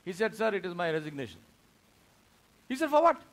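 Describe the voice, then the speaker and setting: This Friday sermon in a mosque comes from an Indian man whose high-pitched voice runs a little fast. Telling a story, he animatedly voices each of its people himself.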